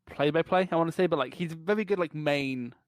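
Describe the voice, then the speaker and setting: A man's voice: fairly high pitch, fast talker, no room sound. A man co-hosting a casual podcast chat, giving blunt opinions and swearing casually. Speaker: podcast co-host.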